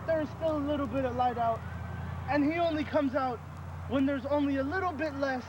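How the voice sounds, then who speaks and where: A man doing a shrill know-it-all jungle guide. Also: fairly quick, lo-fi sound. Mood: explaining. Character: adult male mock-documentary jungle guide, know-it-all. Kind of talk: improvised comedy skit. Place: outdoor park. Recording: outdoor camera audio with street noise.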